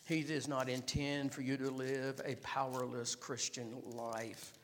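A man preaching a sermon as pastor, dropping his voice low and then building up to loud, emphatic exhortation. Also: little pitch movement, unhurried, long reverb tail, slight background noise.

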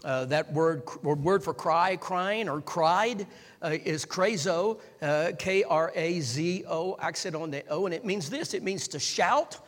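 A man preaching a sermon, repeating phrases and building up to shouts, and calling on the congregation to respond. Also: high voice, a little slow. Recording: long hall reverb.

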